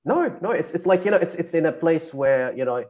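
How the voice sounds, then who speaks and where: A man co-hosts a podcast in casual chat, his voice sitting a touch high. He laughs often as he tells his stories. The recording sounds dull and lo-fi. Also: animated, fairly quick, darkish tone. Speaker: podcast co-host.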